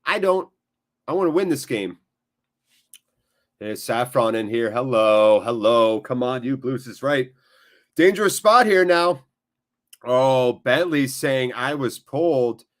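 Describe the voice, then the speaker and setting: An American man hosting a live football watchalong. He jokes and chats with viewers between quick play-by-play. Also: mid-range voice. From United States. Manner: jokey, animated, quick play-by-play. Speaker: watchalong host.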